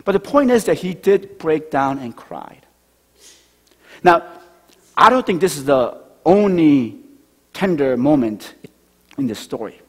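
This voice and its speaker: A man preaching a sermon as pastor, talking conversationally and dropping to a hush on key lines. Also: fairly high pitch, expressive, a little slow, pauses often, husky. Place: church sanctuary. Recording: church hall reverb.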